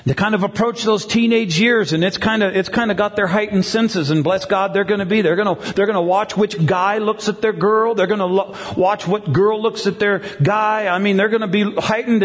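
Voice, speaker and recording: A middle-aged male pastor giving a conversational sermon, often repeating words and asking the crowd "right?". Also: sits high. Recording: long hall reverb.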